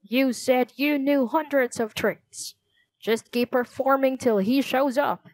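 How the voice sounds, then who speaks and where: A woman's voice: fairly high pitch, animated, takes it slowly, no room sound. A woman doing a hysterical wailing theater owner. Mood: pleading. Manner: wailing, frantic and dramatic.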